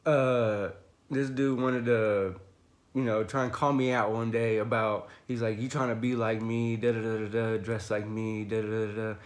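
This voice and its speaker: A young man spins a meandering tale on a livestream, his speech packed with fillers and swearing. His voice sits at an ordinary middle pitch. He often breaks into laughter and gets loud at the heated moments. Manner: rambling, profane, full of fillers like "you know". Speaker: livestream host. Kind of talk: casual livestream storytelling.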